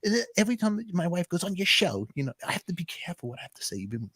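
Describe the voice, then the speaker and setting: A man hosting a casual talk show, telling jokes and animated stories about his home life. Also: high voice, rapid-fire, breathy edge. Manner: joking, animated storytelling with voices of his wife. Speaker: show host. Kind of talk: casual comedic chat.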